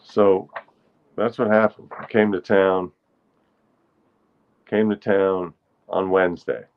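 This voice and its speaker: A man hosting a relaxed solo livestream, rambling to the people in his chat. His voice sits a little low and he takes his time. The sound is thin and phone-like, with faint music behind him. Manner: rambling, chatty, talks to viewers in the chat; sings slowly to ukulele. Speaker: livestream host.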